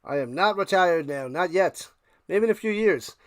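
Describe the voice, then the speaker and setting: A man hosting a live stream, mixing casual play-by-play of a football game with chat to viewers, getting loud on big plays and now and then coughing and clearing his throat. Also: sits high, lively intonation, normal speed, dry recording, clean studio sound.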